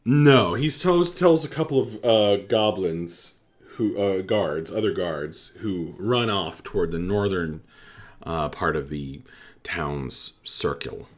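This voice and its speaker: A man narrating a tabletop game as game master, slowly, with many pauses and fillers. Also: low voice.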